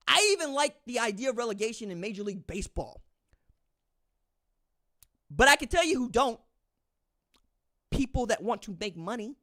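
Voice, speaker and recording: A man's voice: high voice, a bit bright. A man hosting a sports podcast, delivering opinionated commentary as an incredulous, mocking rant. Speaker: podcast host.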